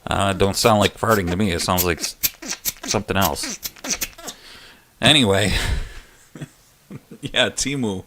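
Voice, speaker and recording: Chatty, bright-voiced male stream host. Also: sits low, expressive, measured pace, pauses often, slight background noise. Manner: chatty and joking, laughs often. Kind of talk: casual live chat with viewers.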